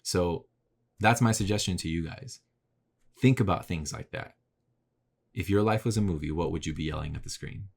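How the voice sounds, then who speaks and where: A man's voice: sits low, normal speed, vocal fry, long pauses, breathy edge. A man talking straight to camera in a casual, rambling motivational monologue, full of swearing and repeated rhetorical questions. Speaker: vlogger. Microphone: camera mic.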